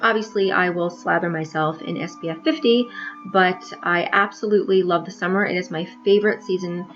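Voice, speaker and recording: A woman's voice: fairly low pitch, fairly bright tone, muffled recording. A woman from New York with a trained, neutral American accent, bluntly and wryly confessing in a profane vlog monologue. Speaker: vlogger.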